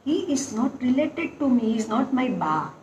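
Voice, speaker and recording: An older woman, a dance guru, tells stories with animated energy and acts out her teachers' words. Her voice sits fairly high, and it comes through an echoey room with a faint hiss behind it. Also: normal speed. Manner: animated storytelling, acting out quotes. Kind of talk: reminiscing interview.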